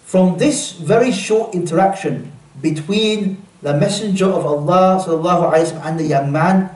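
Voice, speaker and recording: Man, workshop speaker, earnest, quizzes the audience, high voice, echoey room, mic some way off. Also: moderate pace, a little mellow, distant mic. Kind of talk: religious workshop talk.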